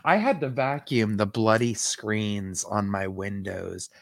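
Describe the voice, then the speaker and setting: Low-voiced lady cohost, blunt and fed up, reads a story out, dry sound. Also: takes it slowly, gravelly, no room sound. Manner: blunt, exasperated ranting. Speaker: podcast co-host. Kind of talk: casual chat and reading a news story.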